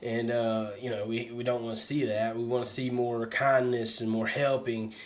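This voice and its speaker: A man's voice: medium pitch, level tone, moderate pace, slight background noise. A man co-hosting a podcast, speaking reflectively in a casual chat and laughing often. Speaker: podcast co-host.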